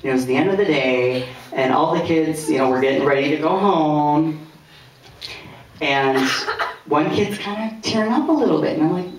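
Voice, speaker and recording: A man's voice: on the high side, a little hiss or hum. Man telling stand-up stories in an echoey room. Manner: conversational, anecdotal, with filler pauses. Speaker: stand-up comedian. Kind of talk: stand-up storytelling. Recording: echoey room heard from a distance.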